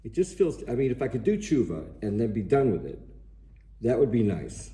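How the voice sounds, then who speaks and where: A man's voice: medium pitch, sing-song, normal speed, dark tone. A man in a class, frankly asking his teacher hard questions. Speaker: student in the class.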